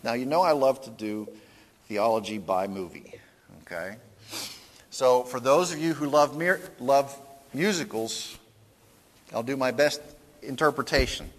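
Casting note: male pastor, mid-pitched voice, earnest teaching sermon, long church echo. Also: measured pace, pauses often. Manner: earnest teaching, with restarts and fillers. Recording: long hall reverb.

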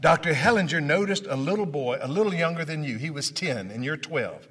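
A man from Memphis tells stories to a crowd in a large hall, and long reverb trails each line. His voice is bright and a touch high for a man. He acts out the people in his stories, dropping to a hush and then climbing loud again. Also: expressive, brisk, slightly rough. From Memphis, Tennessee. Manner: dramatic, acts out dialogue, swings from loud to hushed. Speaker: motivational speaker. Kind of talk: storytelling speech to an audience.

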